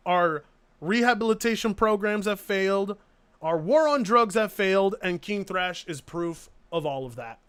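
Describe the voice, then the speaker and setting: A man hosting a live stream, reacting to clips with sarcastic, incredulous commentary. His voice sits high for a man, and he keeps a mocking, disbelieving tone. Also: lively intonation, moderate pace, a bit bright, clean tone. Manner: sarcastic, incredulous, laughing asides.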